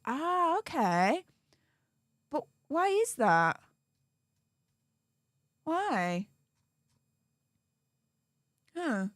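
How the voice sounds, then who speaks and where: A woman's voice: high voice, big pitch swings, very slow, long pauses, a bit bright, dry recording, clean studio sound. A woman hosting a live-stream commentary, chatty and gushing in her thanks to viewers. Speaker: livestream commentary host.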